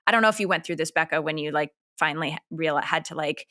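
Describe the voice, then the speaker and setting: Candid, low-voiced woman chatting. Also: quick pace, bright, forceful tone. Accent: Canadian. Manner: candid, rambling with many "like" fillers. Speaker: podcast co-host. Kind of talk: casual chat.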